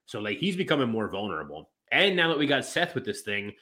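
Male co-host, mid-pitched, lively intonation, rambling casual podcast chat with lots of fillers. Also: fast talker.

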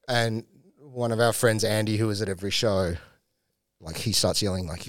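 A man's voice: mid-range voice, a little fast, no room sound, clean studio sound. A man with an Australian accent telling a comedy-scene story on a podcast, swearing freely and acting out what people said. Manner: profane, animated, acts out quotes. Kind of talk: casual storytelling chat.

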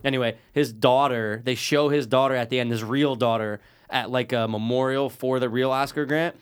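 A young man co-hosting a podcast in loose, casual chat. He swears freely and drops "dude" into nearly every thought. His voice sits at an ordinary middle pitch. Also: steady tone, normal speed, smooth. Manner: swears, says "dude" a lot. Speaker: podcast co-host.

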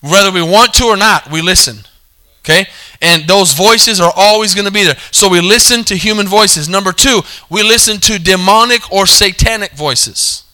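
A man's voice: high-pitched, normal speed, hardly any pauses, pushed and bright. A man preaching a sermon, calling for amens, repeating his points and correcting himself mid-sentence. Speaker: pastor.

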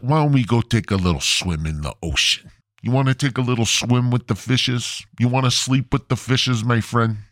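A man's voice: mid-range voice, dry recording, studio quality, close to an everyday voice. A man voicing a tough-talking middle-aged male mobster who makes profane, streetwise threats.

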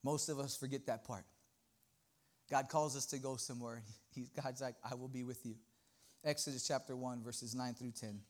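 A man preaching a sermon in a church, impassioned and swinging between loud and quiet. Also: mid-range voice, steady tone, normal speed. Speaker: guest preacher.

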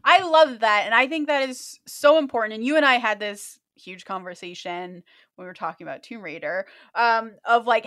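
A woman's voice: medium pitch, fairly bright tone, no room sound, studio quality. A woman co-hosting a podcast, chatting casually and agreeing with enthusiasm. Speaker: podcast co-host. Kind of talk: casual chat.

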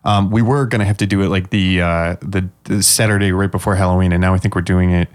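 A man's voice: low-pitched, steady tone, quick pace. A man co-hosting a podcast from Illinois, chatting casually over beers, rambling with lots of fillers and laughing often. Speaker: podcast co-host.

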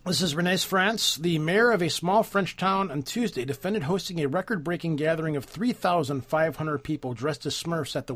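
A man's voice: a little high, a bit bright. A man co-hosting a podcast, reading news articles aloud and breaking off for wry asides. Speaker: podcast co-host.

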